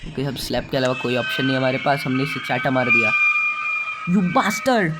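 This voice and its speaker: A man's voice: medium pitch, flat delivery, rapid-fire, heavy background noise. A young man hosting a gaming channel, chatting and joking as he comments on a story game. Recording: loud game music behind.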